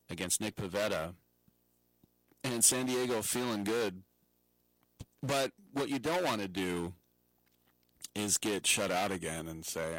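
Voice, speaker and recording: Deep-voiced sarcastic male sports host. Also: vocal fry, a bit bright, dry recording, low-quality recording. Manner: sarcastic, jokey, laughs at own puns. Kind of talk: opinionated sports talk.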